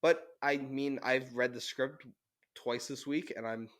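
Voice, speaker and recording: A young man co-hosting a podcast, telling animated stories with laughter on a handheld mic. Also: mid-range voice, unhurried. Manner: animated storytelling with frequent laughs. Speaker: podcast co-host. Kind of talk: casual chat. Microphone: handheld mic, sometimes held away.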